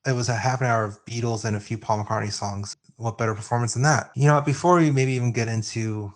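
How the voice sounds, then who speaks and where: A man co-hosting a music podcast, chatting casually and getting excited and openly emotional. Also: medium pitch, fast talker. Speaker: podcast co-host. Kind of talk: casual music debate chat. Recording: remote call, own mic.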